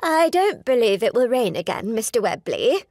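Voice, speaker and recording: A woman's voice: on the high side, very animated, moderate pace, darkish tone, no echo, clean studio sound. A woman voicing a chatty genteel mother. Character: genteel middle-aged mother, chatty, fond.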